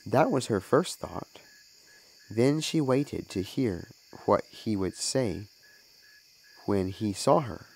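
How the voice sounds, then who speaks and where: A man's voice: fairly low pitch, a little mellow, low-quality recording. A man who is a minister, reading a children's story aloud as narration.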